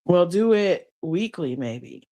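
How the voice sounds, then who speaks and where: A woman's voice: lowish voice, expressive, slow pace, warm tone. A woman live-streaming from her phone while lying in bed, chatting casually and in slang, reading her chat aloud and laughing often. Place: her bed under blankets.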